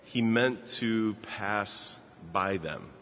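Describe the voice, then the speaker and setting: A man in his fifties, a pastor giving a sermon and telling a personal story in a relaxed, conversational way with frequent fillers. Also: fairly low pitch, very slow. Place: church sanctuary. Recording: long reverb of a large hall.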